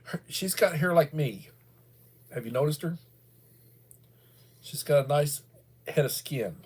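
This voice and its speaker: A middle-aged American livestream host offers casual, wandering commentary, often restarting and filling gaps with fillers. His voice is a little high and bald in quality, with a darkish, breathy tone, and he sounds animated while keeping a measured pace.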